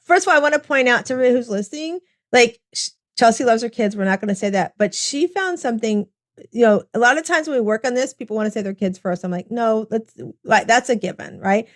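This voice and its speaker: A woman hosts a casual interview with an encouraging, chatty manner. Her voice sits a little high. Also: animated, fast. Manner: warm, encouraging, talks with like and you know. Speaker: podcast host.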